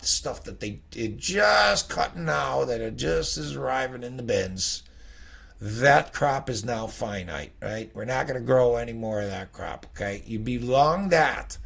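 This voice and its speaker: Gravelly-voiced man, middle-aged, casual trading teacher; rambling chart talk, constant "okay?" check-ins. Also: mid-range voice, a bit bright. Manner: rambling, conversational, peppered with "okay?". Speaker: futures trading educator.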